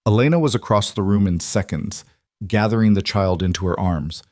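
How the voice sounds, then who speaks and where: A man narrating a scripted story in a steady, measured way. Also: fairly low pitch, dry recording, studio quality.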